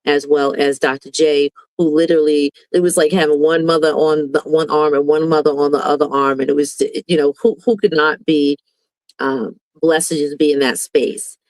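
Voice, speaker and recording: A woman's voice: sits low, fairly even intonation, normal speed, a little mellow, dry recording, poor audio. A woman educator from Brooklyn, a guest on an online talk, speaking in an earnest, effusive and grateful way. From Brooklyn, New York. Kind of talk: casual video call chat.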